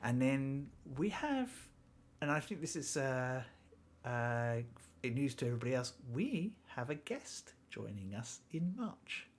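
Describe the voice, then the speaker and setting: A man's voice: medium pitch, big pitch swings, a little slow, slight background noise. A man acting as game master on a tabletop game stream, narrating and wrapping up the episode with news for viewers.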